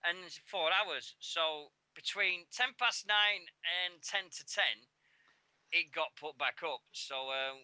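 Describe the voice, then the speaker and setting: A man's voice: fairly high pitch, takes it slowly, bright, forceful tone, smooth. A man with a Yorkshire accent co-hosting a radio show, talking in casual, rambling, jokey banter. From Yorkshire, England.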